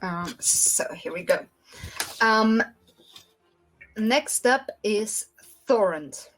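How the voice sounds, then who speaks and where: Slow, deliberate woman running the game. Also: mid-range voice, expressive, a bit bright, slight background noise. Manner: slow, deliberate, with frequent ums. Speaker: dungeon master. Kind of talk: running a tabletop game over voice chat. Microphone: video call.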